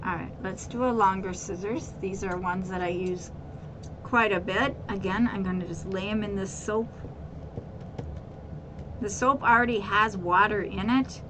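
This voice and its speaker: A woman's voice: medium pitch, noisy background. Chatty woman demonstrating a craft task. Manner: chatty, repeats words, addresses viewers as guys. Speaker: craft tutorial host. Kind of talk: casual how-to demonstration.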